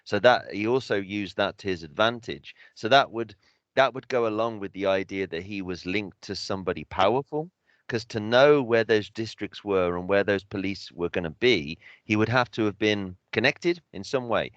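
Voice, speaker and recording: A man with a lowish voice chats casually on a podcast, laying out his views bluntly and with the odd swear word. The sound is dry and a little dull, like a home mic with no room around it. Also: normal speed, no echo. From England. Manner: opinionated storytelling, swearing. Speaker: podcast co-host. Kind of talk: casual chat.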